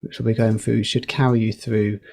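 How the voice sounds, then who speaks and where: A man on a podcast, explaining communication skills in a lively, teacherly way with a few fillers. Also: on the low side, a little fast, creaky. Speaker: podcast guest, communication educator. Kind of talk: explaining, casual podcast chat.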